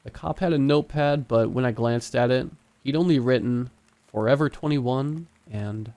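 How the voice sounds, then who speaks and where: A man reading a horror story aloud as a steady, scripted narration. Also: mid-range voice, moderate pace.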